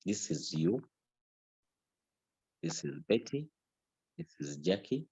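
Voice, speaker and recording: A middle-aged man delivers an emphatic, repetitive business training talk. His voice sits low and mellow, with a husky edge. The recording is dry and somewhat dull. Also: very animated, takes it slowly, dry recording. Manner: emphatic, repetitive, mixes in local language.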